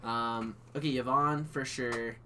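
A young man chatting casually with friends, excitable and quick to laugh. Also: slight background noise. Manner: excitable, laughs often, lively swings in pitch. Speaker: podcast co-host. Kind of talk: casual chat among friends.

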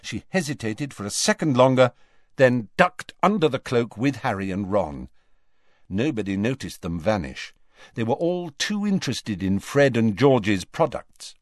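A man reading an audiobook aloud in an expressive, varied way. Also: mid-range voice, measured pace, no room sound, studio quality. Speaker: audiobook reader. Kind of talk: audiobook narration.

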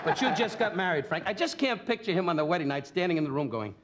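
Brash teasing comedian man, lively high voice. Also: fast talker. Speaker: comedian guest on a talk show. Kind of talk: roast-style stand-up banter. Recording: noisy 1970s TV broadcast with studio audience. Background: studio audience laughter.

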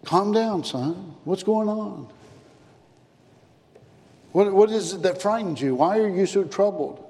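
A man voicing a calm father who gently reassures his son. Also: sits high, slow, in a large hall. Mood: soothing.

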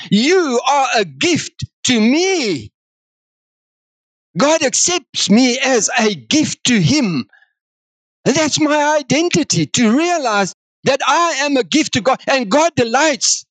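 A man with a South African accent preaching a sermon in an animated way, acting out God's words. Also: very high-pitched, a little slow, no echo. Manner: animated, acts out God's words, mixes in other languages.

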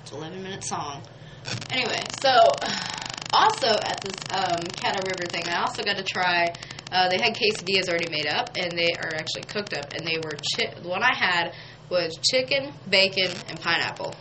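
A woman's voice: on the low side, brisk, noisy background. A woman, hosting a local radio show in casual, chatty talk, laughing often and saying "y'all.". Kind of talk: casual on-air chat. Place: radio studio.

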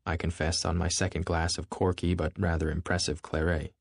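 A man narrating a classic novel as an audiobook in a measured, even manner. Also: low-pitched, vocal fry, dry recording, studio quality. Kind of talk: scripted literary narration.

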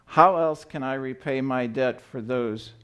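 Brief: man reading a wise ninety-year-old storybook man, calm and slow. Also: medium pitch, clean tone, lightly acted. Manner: calm, gently explaining. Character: wise, patient very old man planting trees.

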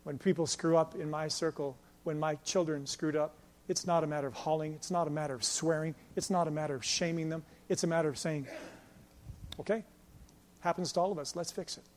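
A male pastor preaching a sermon with passion, moving between loud emphatic lines and quiet storytelling. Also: fairly high pitch, steady tone, a little fast, slight background noise. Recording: long hall reverb.

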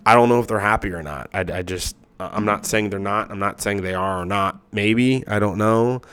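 A man's voice: on the low side, normal speed, a bit bright, clean tone. A man hosting a podcast, telling loose personal stories in casual chat, swearing often and full of fillers. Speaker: podcast host. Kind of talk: casual rambling storytelling.

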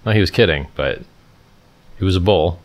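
In a low voice at a moderate pace, a middle-aged man running a livestream reads and answers chat questions. He's blunt and offhand, talking casually and saying "like" and "dude" a lot.

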